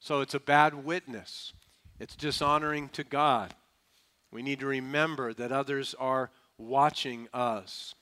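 Brief: male pastor, bright and forceful voice, folksy, emphatic sermon delivery. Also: mid-range voice, fairly even intonation, a little slow, clear, resonant tone. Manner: emphatic, calls for audience responses; folksy and humorous.

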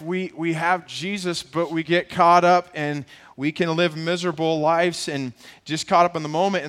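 A pastor in his thirties preaching to his congregation, with a voice that sits a little high for a man. He tells his stories animatedly, slipping into the voices of the people in them. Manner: animated storytelling, acts out family voices. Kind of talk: sermon with personal story.

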